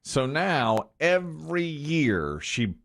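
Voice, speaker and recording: A man's voice: a little high, slow. A middle-aged man hosting a morning radio show, teasing his co-hosts and telling family stories in casual studio banter. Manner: teasing, animated storyteller. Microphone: studio microphone.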